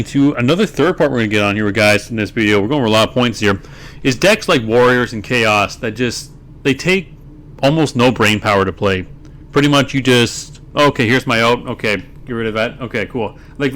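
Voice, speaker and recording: A man talking over a card game replay, his voice at an ordinary middle pitch. He rants with exasperation and swears freely, in the loose manner of a video creator. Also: a bit bright. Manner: profane, exasperated ranting. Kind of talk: replay commentary and rant.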